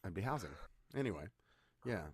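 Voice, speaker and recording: A deep-voiced man talking casually as a podcast guest. He hesitates, restarts, and trails off into quieter asides. The sound is dry and close. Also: expressive, fairly quick, husky, dry recording. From United States.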